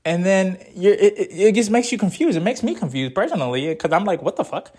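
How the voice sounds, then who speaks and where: A man's voice: high-pitched, lively intonation, fairly quick, a little mellow, breathy edge. A young man hosting a casual advice monologue, talking in blunt, profane, laid-back slang.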